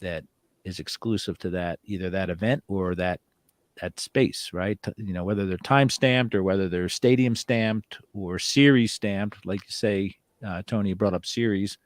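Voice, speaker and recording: A man's voice: low-pitched, moderate pace, no echo. A man hosting a live call-in talk show, rambling casually with lots of fillers. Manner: rambling, filler-heavy, easygoing. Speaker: host.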